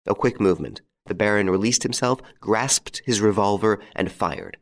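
In a lowish voice, a man narrates a scripted audiobook, telling the story in a measured, steady way.

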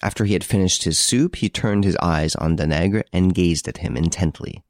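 A man narrating an audiobook of a crime story in a measured, steady reading. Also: sits low, no echo, studio quality. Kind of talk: scripted narration.

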